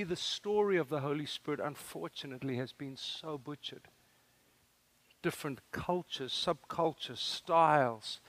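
A man's voice: a little high, no echo. A man in his fifties with a South African accent, preaching a sermon as a guest speaker in an earnest, storytelling way. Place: church service.

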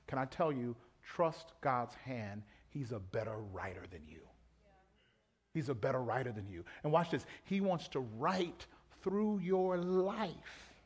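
A man pastor preaching a live sermon in a church auditorium, animated and conversational, calling out to the congregation. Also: mid-range voice, a little slow, husky.

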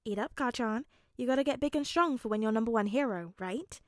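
A gentle, patient young man coaxing in a soft, even tone, as a woman reads him in her own fairly high voice. The storybook sound is dry and close-up. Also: a little fast, dry recording, natural voice. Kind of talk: fanfic audiobook reading.

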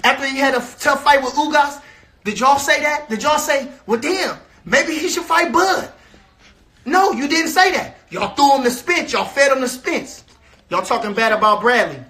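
Guy from a fighter's camp going off, super high bright voice, keeps repeating himself. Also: moderate pace. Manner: fiery, repetitive, trash-talking. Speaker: member of a boxer's camp. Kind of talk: heated rant to camera.

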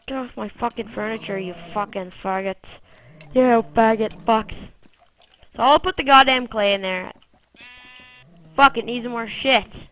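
A woman giving casual let's-play commentary, foul-mouthed and easily frustrated, cursing at the game and yelling at its animals. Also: fairly high pitch, slow pace, long pauses, rough recording. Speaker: gameplay commentator.

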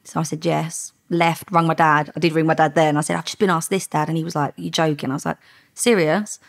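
A former undercover police officer, a woman with a gravelly, low-sitting voice, tells stories in a podcast interview. She talks fast and shares lively anecdotes full of quoted dialogue, laughing often.

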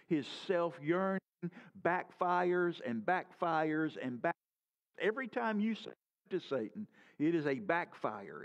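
A man's voice: a little high, dull audio. A man preaching a sermon as pastor, earnest and full of rhetorical questions, his voice rising and falling.

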